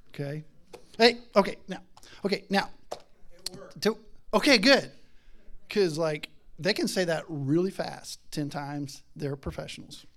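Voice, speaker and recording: A man's voice: fairly high pitch, unhurried, long pauses, a bit bright. A middle-aged man preaching a casual sermon, chatty and rambling, laughing often and acting out voices in his stories. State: has a daughter.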